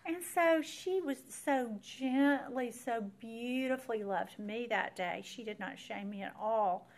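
A woman's voice: on the high side, a little slow. A woman, earnestly telling a personal faith story to an audience as a Bible teacher. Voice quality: earnest storyteller who speaks straight to the audience. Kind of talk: personal faith testimony talk.

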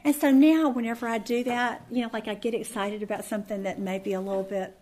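A woman's voice: on the high side, fast. Chatty woman teaching Bible study. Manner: chatty, animated storyteller with fillers and restarts.

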